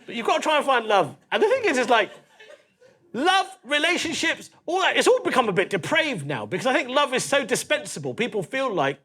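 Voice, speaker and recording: A man's voice: very high voice, very animated, fairly quick, pushed and bright, slightly rough. A man in his forties with a London accent doing a stand-up comedy set in a club, with a cheeky, conversational, punchy delivery. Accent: London English. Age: 40s. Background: audience laughter.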